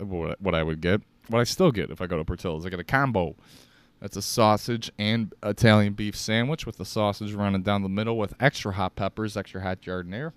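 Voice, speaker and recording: A young man with a deep voice and a Chicago accent, hosting a solo podcast and rambling casually with lots of swearing. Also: smooth, no room sound. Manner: profane, rambling, jokey. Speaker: podcast host.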